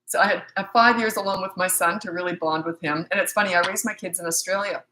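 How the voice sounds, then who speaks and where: A woman's voice: fairly low pitch, steady tone, fast, pushed and bright, slight background noise, rough recording. A middle-aged woman from Canada, a parenting coach, answering viewer questions in a casual, blunt, matter-of-fact livestream chat.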